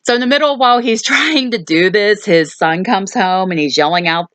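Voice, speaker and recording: A woman's voice: mid-range voice, normal speed, a bit bright, no room sound. A woman hosting a movie review channel, recapping a film in a chatty way with lots of fillers and asides.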